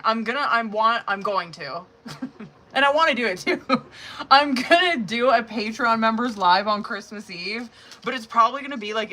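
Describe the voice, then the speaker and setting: A woman's voice: fairly high pitch, bright, forceful tone, a little hiss or hum. A woman giving tarot readings on a live stream in casual, profane, chatty talk that is full of laughs. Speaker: tarot reader.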